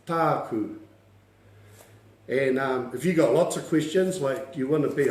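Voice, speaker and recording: A man's voice: fairly high pitch, takes it slowly. A man teaching an online language class, upbeat and coaxing, drilling words aloud and laughing often. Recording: echoey room.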